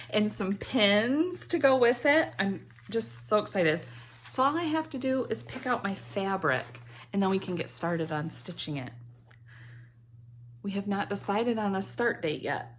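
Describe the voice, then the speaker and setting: A woman's voice: medium pitch, animated, unhurried. A middle-aged woman chatting casually to camera about her cross stitch hobby, rambling with many ums and asides.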